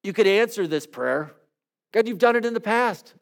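A man leading a devotional, praying aloud in an earnest, pleading way with soft, hushed trailing endings, then teaching calmly. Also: high-pitched, moderate pace, vocal fry. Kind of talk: reflective spoken prayer and teaching.

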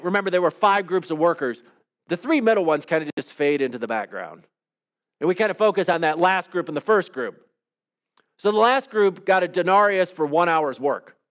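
Male preacher, high voice, chatty sermon delivery, lots of rhetorical questions to the room. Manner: conversational, asks the listeners rhetorical questions. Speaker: pastor.

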